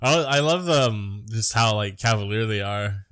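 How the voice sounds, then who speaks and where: Laid-back American man, low voice. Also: measured pace, a bit bright, smooth, no room sound, clean studio sound. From United States. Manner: laid-back, crude, joking. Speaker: podcast co-host. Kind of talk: casual movie-review chat.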